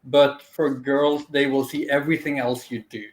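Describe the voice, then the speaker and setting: A man's voice: medium pitch, level tone, moderate pace. A man co-hosting a casual chat, talking in a thoughtful, hesitant way that wanders mid-sentence. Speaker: co-host. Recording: echoey room.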